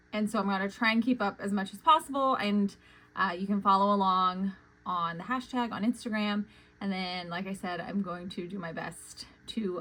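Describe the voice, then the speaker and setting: A young adult woman, chatting casually about her cross-stitch projects, with lots of "um" fillers and quick, self-conscious talk. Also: medium pitch, a bit bright, rough recording. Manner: chatty, many "um" fillers, says she talks fast. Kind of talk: casual chat.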